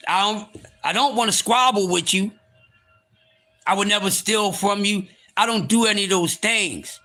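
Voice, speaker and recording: High, bright-voiced ranting stream host. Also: male voice, moderate pace, soft background music. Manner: animated, swings from calm to shouting; blunt and profane. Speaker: livestream host. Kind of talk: live stream rant.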